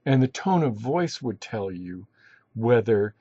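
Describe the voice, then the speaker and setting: A man teaching a recorded lesson, halting and restarting often, in a dry, slightly dull recording. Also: medium pitch, very animated, mellow, slightly rough, dry recording. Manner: halting, many restarts and fillers. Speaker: instructor. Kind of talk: recorded online lecture.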